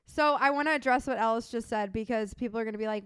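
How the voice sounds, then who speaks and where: A young woman with a high, smooth, clear voice co-hosts a casual chat podcast. She tells stories in an animated way and laughs often. The sound is dry and close. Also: quick pace, dry recording. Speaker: podcast co-host.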